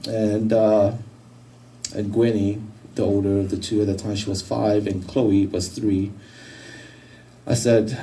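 Halting man telling a personal story. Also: on the low side, little pitch movement, mellow, far from the mic, poor audio. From United States. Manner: halting, repeats words, emotional. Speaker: guest giving a testimony.

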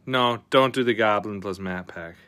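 A man hosting a live card-opening stream, chatting casually with viewers, excitable and often swearing as he reacts to each pull. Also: fairly low pitch, normal speed, dry recording.

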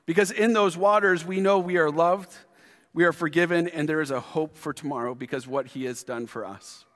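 A man preaching a sermon as pastor, earnest and repeating key phrases slowly. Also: on the high side, fairly bright tone. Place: church sanctuary. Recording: long reverb of a church sanctuary.

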